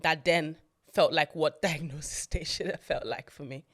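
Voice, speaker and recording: Woman podcast co-host, lower voice, relaxed and reflective. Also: normal speed. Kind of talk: conversational podcast chat.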